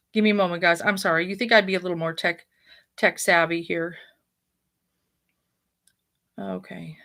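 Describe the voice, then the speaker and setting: A woman's voice: mid-range voice, a bit bright. Blunt, profane woman rambling on a livestream. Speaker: intuitive reader hosting a livestream. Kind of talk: casual unscripted livestream chat.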